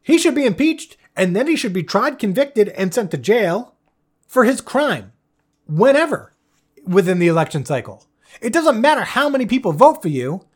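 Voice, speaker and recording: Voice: medium pitch, sing-song, moderate pace, husky. A podcast host delivers a solo political rant, indignant and worked up, with blunt swearing. The speaker is from the United States and often restarts sentences while pushing the point home.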